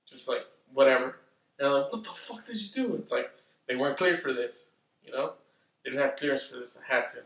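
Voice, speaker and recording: A man casually recapping a film's plot, rambling, swearing often and getting excitable. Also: medium pitch, fairly quick. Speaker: movie reviewer. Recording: roomy, distant from the mic.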